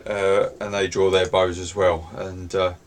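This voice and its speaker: Male game master, low voice, relaxed narration full of fillers. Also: unhurried. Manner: relaxed, hesitant with many fillers.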